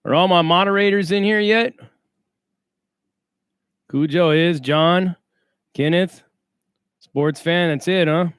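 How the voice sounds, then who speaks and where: A man hosts a casual livestream, speaking streetwise slang and greeting viewers by reading their chat names aloud. His voice sits high and fairly bright, and he talks slowly with long pauses. The sound is clean studio audio with no echo.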